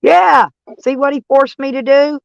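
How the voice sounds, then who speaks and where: A woman's voice: sits high, unhurried, gravelly, no room sound. Crude, laughing woman livestream host; muffled dry sound. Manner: blunt, crude, laughs often. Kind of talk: casual livestream chat. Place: in a van.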